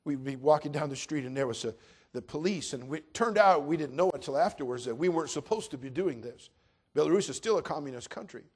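A middle-aged man pastor preaching a sermon, telling a personal story and swinging from calm to loud, emphatic preaching. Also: on the high side, fast talker, husky.

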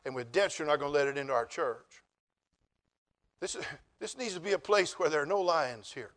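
High-voiced preacher, loud and quiet by turns. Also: male voice, lively intonation, normal speed. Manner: swings from quiet asides to loud emphatic preaching; humorous, conversational storytelling. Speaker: pastor. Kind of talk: sermon.

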